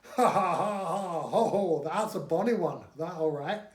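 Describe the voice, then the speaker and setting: A man voicing a blunt, jovial northern English surveyor with a County Durham accent, talking loud and hearty. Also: animated, unhurried. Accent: put-on County Durham English. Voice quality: loud, hearty, raised pitch. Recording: echoey room.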